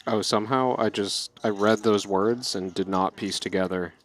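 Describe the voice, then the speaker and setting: A man's voice: fairly low pitch, steady tone, moderate pace. A man co-commentating live poker, dry and bantering while breaking down hands.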